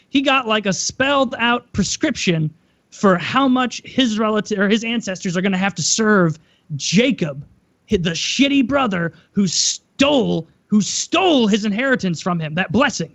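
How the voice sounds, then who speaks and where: A man's voice: sits high, expressive, moderate pace, a bit bright, dull audio. A man on a podcast, retelling a story casually with crude jokes. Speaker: podcast co-host.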